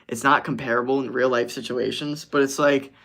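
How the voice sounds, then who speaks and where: A man's voice: medium pitch, fairly even intonation, fairly quick, gravelly, fairly bright tone. A young man streaming casually, reading viewer comments aloud in a laid-back way and laughing easily. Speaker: streamer answering chat. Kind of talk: casual livestream chat.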